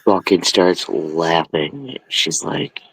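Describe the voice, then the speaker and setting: A man hosting a stream, telling a story in a rambling, profane, animated way. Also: low-pitched, slow pace, husky, rough recording. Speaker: stream host. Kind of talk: casual storytelling.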